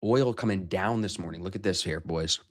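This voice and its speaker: A man with a somewhat low voice chats loosely on a live trading stream. He jokes around and swears freely as he walks viewers through charts. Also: fairly quick. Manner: loose, joking, swears casually. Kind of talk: casual livestream chat.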